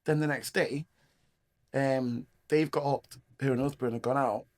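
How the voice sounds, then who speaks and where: A man's voice: medium pitch, fairly even intonation, normal speed, darkish tone, no room sound. A middle-aged man with a Manchester accent telling his life story as a guest, rambling with slang and acting out the voices of people in it. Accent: Manchester English. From England. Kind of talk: personal testimony storytelling.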